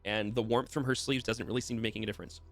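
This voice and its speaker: A man's voice: lowish voice, steady tone, rapid-fire, creaky, a bit bright, soft background music. A man running a tabletop game as dungeon master, narrating casually with fillers and restarts.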